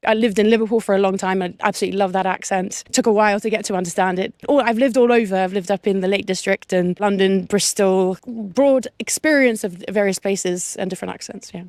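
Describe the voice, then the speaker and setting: A woman answers street interview questions about accents in a chatty, enthusiastic way. Her voice sits at a middle pitch for a woman. The sound is close and dry. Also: darkish tone, no echo.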